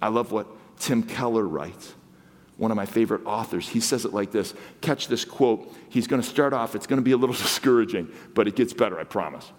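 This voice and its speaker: A man preaching a sermon as guest preacher, swinging between excited exclamations and hushed asides. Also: lowish voice, brisk. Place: church sanctuary. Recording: long hall reverb.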